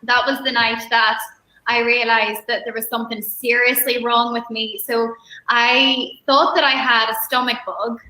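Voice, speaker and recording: A woman guest telling stories in a relaxed chat, laughing often. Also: a little high, normal speed, roomy sound, low-quality recording. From Ireland. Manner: chatty storyteller, laughs often. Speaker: guest musician. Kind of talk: casual chat on a live stream.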